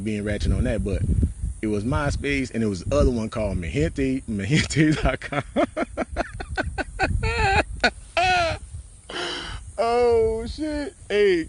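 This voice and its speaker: Animated, laughing male storyteller. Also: mid-range voice, background noise. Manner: slangy, laughs often, acts out quotes. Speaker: military veteran telling stories. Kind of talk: casual storytelling.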